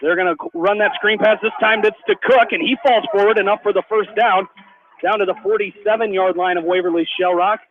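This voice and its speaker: High-voiced radio play-by-play man. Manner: rapid, rising excitement on big plays. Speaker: play-by-play announcer. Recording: tinny phone-like radio broadcast with faint hiss.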